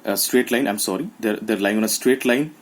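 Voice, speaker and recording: A man explaining geometry to schoolchildren, recording on a phone held in one hand, often repeating himself and pausing with fillers. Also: lowish voice, poor audio. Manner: repeats phrases, halting with fillers. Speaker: math teacher. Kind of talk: classroom explanation to children.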